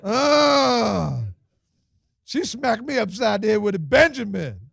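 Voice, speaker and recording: Brief: very high-pitched man auctioneering at a fundraiser, playful and teasing, gravelly edge, dry close sound. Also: sing-song, moderate pace, fairly bright tone, no echo. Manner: playful, teasing, street slang, laughs often. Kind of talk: lively joking fundraiser auction. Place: event hall with audience.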